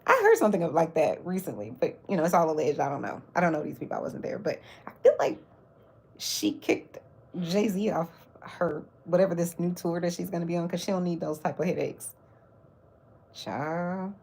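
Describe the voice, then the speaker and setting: Woman, livestream host, casual gossip chat, lively swooping pitch, gravelly husky voice. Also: moderate pace. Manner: chatty, animated, mocking asides.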